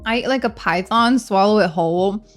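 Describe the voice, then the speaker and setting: A woman streamer chatting casually with her viewers, animated and teasing, laughing often, while she eats. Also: medium pitch, moderate pace, soft background music. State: hungry, eating during stream. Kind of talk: casual live-stream chat.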